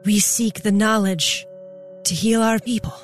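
Breathy alien energy being, woman voicing, aloof and threatening, faint music bed. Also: medium pitch, flat delivery, a little slow, natural voice. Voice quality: breathy, airy. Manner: cold, aloof and menacing.

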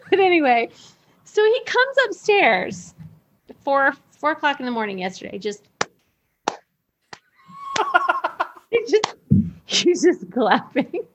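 A woman guest on a chat show, telling family stories in a lively way and laughing often, a little tipsy. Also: high voice, takes it slowly, pauses often, slight background noise. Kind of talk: casual chat, storytelling.

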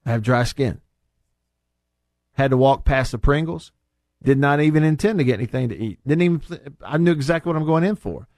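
A man hosting a radio show, ranting and bantering in a casual, animated way from the studio. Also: dry recording. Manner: animated, rants with big pitch jumps.

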